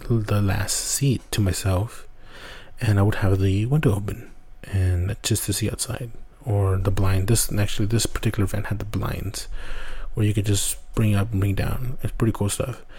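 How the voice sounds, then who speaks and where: Male podcast host, low, dark husky voice, rambling casual storyteller who swears. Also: steady tone, moderate pace. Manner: rambling, swears often, restarts a lot.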